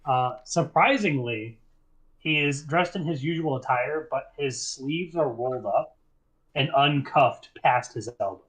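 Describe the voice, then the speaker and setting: Acting as game master for a tabletop game, a man narrates scenes in a relaxed, descriptive way. His voice is mid-range and a little bright, and the recording is rough.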